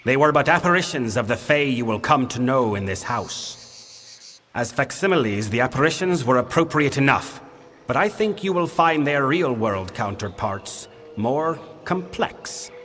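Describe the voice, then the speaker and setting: A man's voice: medium pitch, animated, measured pace, a bit bright. An actor playing a weary ancient winter fae king in a video game, speaking in a grave, formal, commanding way. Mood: solemn. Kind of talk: video game character dialogue. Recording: long reverb with game music.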